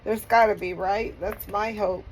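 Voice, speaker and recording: A middle-aged woman vlogging, halting and apologetic, crying as she speaks. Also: medium pitch, fairly even intonation, slight background noise, rough recording. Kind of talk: emotional personal vlog.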